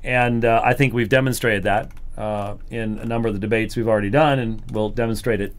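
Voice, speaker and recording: A man commenting on a recorded lecture, rebutting it in an incredulous, animated way. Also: on the low side, a little fast. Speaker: Christian apologist commentator.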